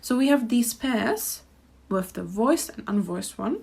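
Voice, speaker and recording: Slow-speaking Czech woman teaching pronunciation. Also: fairly high pitch, lively intonation, vocal fry, a little mellow, husky. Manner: careful, repeats words slowly for learners. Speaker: language teacher. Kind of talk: pronunciation lesson.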